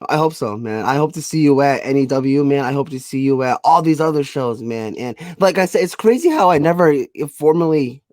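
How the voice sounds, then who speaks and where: A man hosting a casual interview podcast, friendly and quick to laugh. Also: medium pitch, lively intonation, a little mellow, no echo. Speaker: podcast host.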